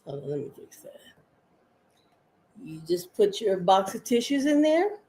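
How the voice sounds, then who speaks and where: A woman's voice: medium pitch, very animated, measured pace, warm tone, a little hiss or hum. An older woman hosting a live crafting stream, chatting in a rambling, homey way with viewers and her pet.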